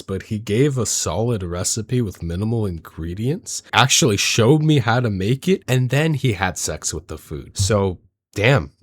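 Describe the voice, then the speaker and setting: A man riffing through comedic reaction commentary, mock-outraged and joking. His pitch swings widely as he talks. The sound is close and dry. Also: no echo.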